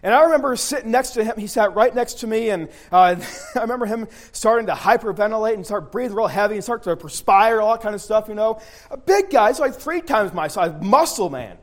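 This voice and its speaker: A preacher with a noticeably high voice for a man delivers his sermon. He talks in a folksy, storytelling way, circling back to restart and repeat his phrases. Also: expressive, a little fast. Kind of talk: sermon with personal army story.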